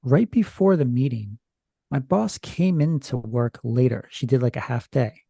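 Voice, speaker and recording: A man's voice: mid-range voice, animated, unhurried, vocal fry, mellow, no echo, studio quality. A man who is a podcast guest, retelling a strange experience from his notes in a rambling, hesitant, casual way. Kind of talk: casual storytelling chat.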